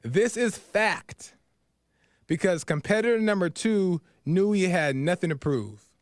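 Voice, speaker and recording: A man voicing a calm male angel who hands down a verdict in a measured, gentle way while telling a parable. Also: high voice, no echo, clean studio sound. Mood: solemn.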